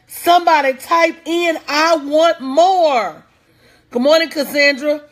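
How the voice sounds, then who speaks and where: Her voice sits high and she takes her time. On a live stream, this motivational speaker preaches with heavy repetition, urges viewers to respond, and greets them by name in a casual, folksy manner.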